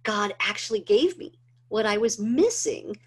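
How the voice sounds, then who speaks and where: A woman's voice: medium pitch, sing-song, unhurried, breathy edge. A middle-aged woman earnestly telling a personal story, with many fillers and rising emotion. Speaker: presenter of a health training video. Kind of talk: personal testimony talk.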